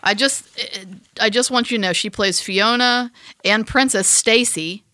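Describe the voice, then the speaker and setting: A woman co-hosting a podcast, talking in loose, rambling casual chat. Her voice is bright and forceful, close and dry with no room around it. She swears freely and pokes fun at herself. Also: on the high side, a little slow, dry recording. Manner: rambling, animated, profane and self-mocking. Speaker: podcast co-host.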